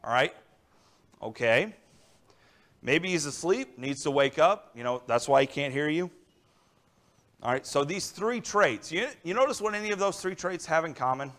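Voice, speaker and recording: A man's voice: fairly high pitch, expressive, normal speed, pauses often, fairly bright tone. A young adult man preaching a sermon in a conversational way, often checking in with his listeners. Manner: conversational preaching with frequent "all right" and "right?".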